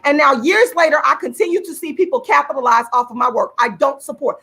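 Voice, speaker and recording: An enraged woman rants on her livestream, swearing and repeating her points. Her voice is high and swoops widely, with a gravelly edge and a bright, forceful tone. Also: animated, fast talker. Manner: furious, profane, repeats points for emphasis. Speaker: channel host and activist. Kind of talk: angry livestream rant.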